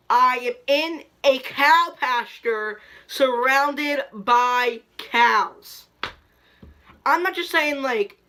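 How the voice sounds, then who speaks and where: Bright-voiced young man telling stories. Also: extremely high pitch. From Kentucky. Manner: animated storytelling, many "like" fillers, dramatic quoted reactions. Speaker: YouTube host. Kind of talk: story time vlog.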